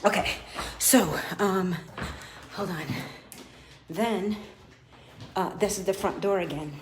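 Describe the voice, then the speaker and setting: A woman's voice: mid-range voice, slow pace. A woman in her fifties filming a live tour of a large house on her handheld phone, talking bluntly and profanely to her viewers. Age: 50s. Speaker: vlogger.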